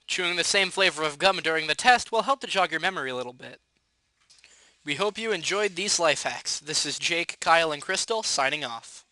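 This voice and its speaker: A man's voice: fairly high pitch, animated, a little fast, bright, forceful tone. A teenage boy presenting a scripted segment on a school news show in an upbeat way. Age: teens.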